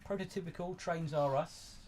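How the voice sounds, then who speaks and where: A man hosting a casual live stream from his model railway, chatty, jokey and excitable. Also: fairly high pitch, normal speed, a little hiss or hum. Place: indoors at a model railway layout.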